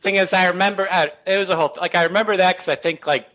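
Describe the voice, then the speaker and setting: A man's voice: sits high, fairly even intonation, racing, a bit bright, rough recording. A man, a guest comedian, telling a story casually with lots of "you know" and "uh" fillers.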